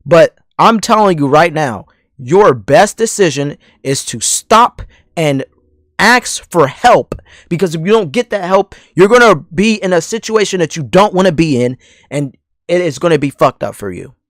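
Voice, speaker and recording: A man's voice: a little high, expressive, moderate pace, dry recording, clean studio sound. A man delivering a heated, profane call-out rant straight at someone, hammering the same points over and over. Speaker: commentary channel host.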